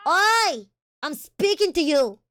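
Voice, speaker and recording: A woman voicing a fiery, bossy young woman scientist who scolds loudly. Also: extremely high pitch, big pitch swings, drawn-out words, no room sound, voice pushed up, full character voice. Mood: scolding. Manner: scolding, shouting.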